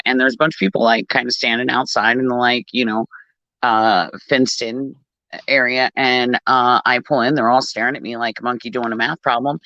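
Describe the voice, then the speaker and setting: A woman telling a story in casual chat, animated, swearing, acting out the dialogue. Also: a bass voice, no room sound. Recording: dull lo-fi phone recording.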